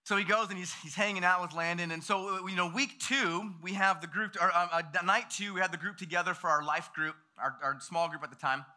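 A man in his thirties preaching, telling a story in an animated way and acting out the voices of the people in it. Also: sits high, fairly quick, hardly any pauses. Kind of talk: sermon storytelling.

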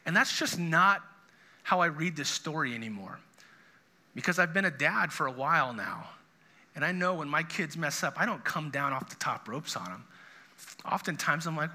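A man's voice: a little high, animated, brisk, pushed and bright. A middle-aged man, a pastor, preaching a sermon in an earnest, conversational way with frequent restarts.

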